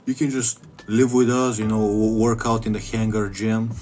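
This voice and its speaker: A man voicing a jealous, frantic husband who yells warnings, with music behind. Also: fairly low pitch, flat delivery, normal speed, natural voice. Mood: coaxing. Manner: yelling, frantic.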